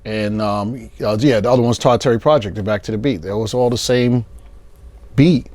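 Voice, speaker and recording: A man, a producer guest telling animated stories and acting out his friends' lines in a casual interview. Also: on the low side, normal speed.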